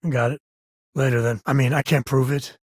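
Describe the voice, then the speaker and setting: A laid-back, wry space cowboy, as a man voices him in a video game. His husky, breathy tone is mid-pitched and recorded close and dry in a studio. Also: flat delivery, moderate pace, no room sound, natural voice. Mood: easygoing. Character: rugged male space cowboy companion, easygoing. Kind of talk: game voice lines. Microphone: close studio mic.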